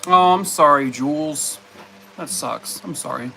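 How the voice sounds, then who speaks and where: A man's voice: fairly high pitch, a little slow, vocal fry, bright, forceful tone, a little hiss or hum. A man on a casual live stream, rambling with lots of fillers and breaking off to talk to his dogs at home. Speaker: live streamer chatting with viewers.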